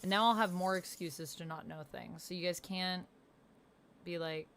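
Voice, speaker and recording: A bubbly woman chatting with her live-stream viewers from home. She rambles cheerfully, laughs easily and jumps up in pitch whenever something catches her off guard. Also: fairly even intonation, moderate pace, fairly bright tone, a little hiss or hum. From Canada. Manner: bubbly and rambling, reads chat aloud, laughs often; pitch leaps up when surprised. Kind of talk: casual live-stream chat.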